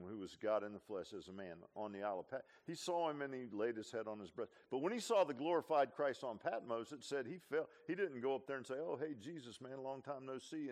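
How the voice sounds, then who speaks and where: A man preaching a sermon in a folksy, conversational way, his voice climbing to shouts and then dropping to a hush. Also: mid-range voice. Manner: folksy, swings from hollering to hushed. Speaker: pastor. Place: church.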